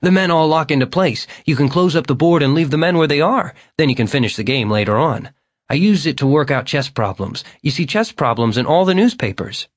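A man's voice: a little high, lively intonation, fairly quick, no room sound, studio quality, voice pushed up. A man voicing an eager, talkative young man whose lines come out raised and insistent. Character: eager chatty young man, upbeat and earnest.

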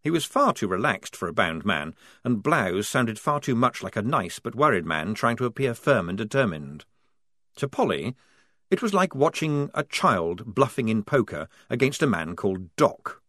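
A man narrating a novel as an audiobook in an expressive, varied storytelling manner. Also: fairly low pitch, normal speed, no room sound, studio quality. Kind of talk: scripted narration.

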